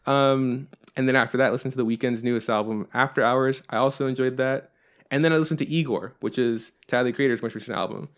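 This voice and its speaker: Speaking quickly in a smooth, steady, mid-range voice, this young adult podcast host rambles through a casual chat. His talk is profane and packed with fillers.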